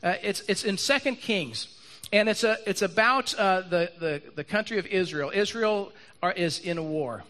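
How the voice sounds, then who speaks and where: High-pitched, bright-voiced male preacher. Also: normal speed. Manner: animated preaching, acts out Bible characters, repeats lines for emphasis. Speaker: pastor. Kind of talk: sermon. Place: church hall with live audience and online stream.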